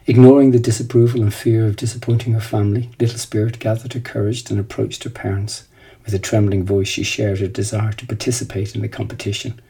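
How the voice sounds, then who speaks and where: A man narrating a scripted storybook in a measured, reflective way. His voice sits low and is heavy with gravelly fry. The tone is dark and mellow, with a husky roughness throughout. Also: poor audio.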